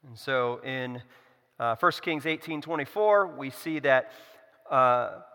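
A man's voice: medium pitch, a little slow, long pauses, sharp tone. A man preaching a sermon, retelling a scripture story with sarcastic asides. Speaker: pastor. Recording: long hall reverb.

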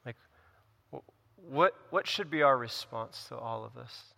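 A man, a pastor, preaching a sermon with earnest emphasis, rising to loud lines and dropping to hushed ones. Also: mid-range voice, animated, unhurried, gravelly. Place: church sanctuary. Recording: long reverb of a church hall.

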